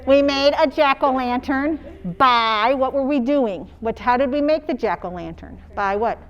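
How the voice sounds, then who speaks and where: Slow-talking woman teaching phonics. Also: high voice, muffled recording, a faint crowd. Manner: slow, sing-song teacher talk modeling sounds for young children. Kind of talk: classroom phonics demonstration.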